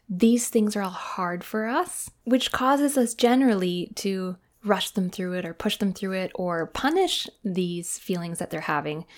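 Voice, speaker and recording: A woman in her thirties hosting a casual podcast monologue, earnest and reflective, often dropping into a soft whisper. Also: medium pitch. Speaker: podcast host.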